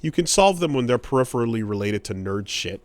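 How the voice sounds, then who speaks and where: A man's voice: mid-range voice, expressive, a little fast, dry recording. A young adult man co-hosting a podcast in casual chat, dry and blunt, swearing freely. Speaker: podcast co-host. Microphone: studio podcast mic.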